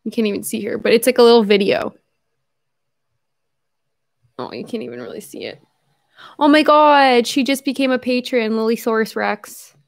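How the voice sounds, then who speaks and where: Young female streamer, pitched a bit high, loose rambling chat with lots of fillers. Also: steady tone, a little fast, creaky, long pauses, darkish tone. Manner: chatty, rambling, laughs often, many fillers. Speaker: YouTuber hosting a livestream. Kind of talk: casual livestream chat.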